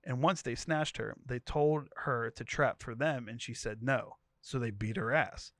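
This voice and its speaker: A man's voice: mid-range voice, measured pace, dry recording, studio quality. A podcast co-host reading a wild tweet thread aloud, laughing as he goes and giving each character's lines a voice. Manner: animated storytelling, laughing between lines.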